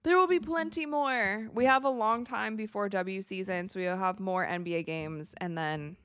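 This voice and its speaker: A woman's voice: medium pitch, moderate pace, smooth, no room sound. Chatty young woman streaming a game. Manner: chatty, excitable, reads viewer messages aloud. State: tired, yawning. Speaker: streamer hosting a watch party. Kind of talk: casual live-stream chat and game reactions.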